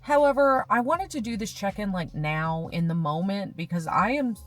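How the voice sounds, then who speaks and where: A woman's voice: medium pitch, lively intonation, moderate pace, faint music behind. A young adult woman vlogging from a parked car, chatting casually and rambling with lots of fillers, audibly moved and emotional. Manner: rambling, gushing, with many fillers. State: emotional and touched. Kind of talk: casual chat.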